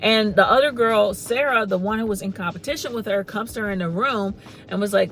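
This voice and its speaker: Speaking briskly at a medium pitch, a woman in her thirties reviews a movie casually, storytelling in a chatty, rambling way packed with "like" and "you know." The recording quality is low.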